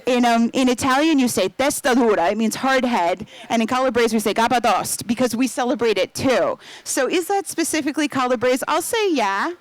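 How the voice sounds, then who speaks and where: Chatty woman novelist, bright and dry. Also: fairly high pitch, expressive, fairly quick, few pauses, no echo, rough recording. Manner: talkative, with frequent fillers and laughs. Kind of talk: live book talk. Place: event room before an audience.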